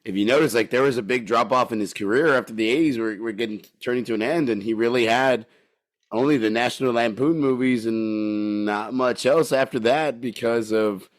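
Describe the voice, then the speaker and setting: A man's voice: mid-range voice, fairly quick. A man co-hosting a casual podcast, rambling loosely and swearing freely. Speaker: podcast co-host.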